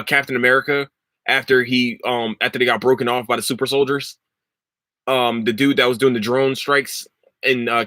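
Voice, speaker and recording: Young male podcast host, loose rambling delivery with frequent swearing; bright tone, dry sound. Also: mid-range voice, no echo. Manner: rambling, swears freely, breaks into loud laughter. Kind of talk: casual solo podcast chat about shows.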